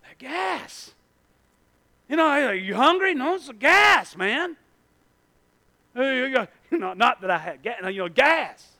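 A man preaching a sermon, telling stories with animation and swinging from shouts to hushed tones, and speaking folksy and directly to the congregation. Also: very high voice, big pitch swings, unhurried.

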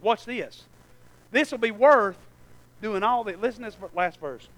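A man pastor preaching a sermon in a church, swinging from hushed asides to near shouting and calling out to the congregation. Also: high voice, expressive, normal speed.

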